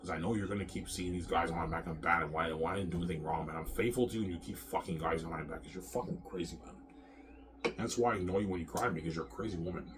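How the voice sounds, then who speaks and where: A man's voice: sits low, fast, noisy background. A man in his thirties in a rambling personal vlog rant, angry and profane, repeating himself and restarting sentences. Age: 30s. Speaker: vlogger.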